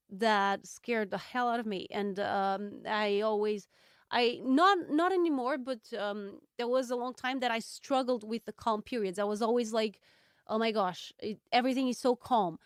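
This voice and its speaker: A woman hosting a solo podcast, reflecting candidly and thoughtfully, with frequent ums and pauses. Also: on the high side, clean tone, no echo, clean studio sound. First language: Portuguese. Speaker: podcast host.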